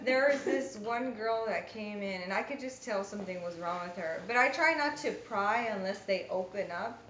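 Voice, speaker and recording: A woman's voice: mid-range voice, normal speed, a bit bright. Chatty woman telling a story in a roomy space. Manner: chatty storytelling, acting out both sides of conversations. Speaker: beauty business owner sharing a testimony. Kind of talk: casual testimony in a group discussion. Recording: roomy, dull recording with faint background noise.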